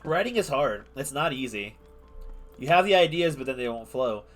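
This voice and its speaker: A man's voice: mid-range voice, lively intonation, moderate pace. Playful man streaming a game. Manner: playful, rambling asides with frequent restarts. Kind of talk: casual gameplay commentary, reading game text aloud. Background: game music.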